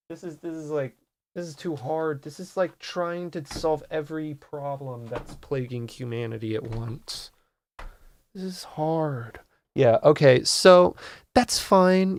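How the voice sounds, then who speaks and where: A medium-pitched man hosts a casual, comedic art tutorial, rambling in a mock-serious way and swearing in frustration at his equipment.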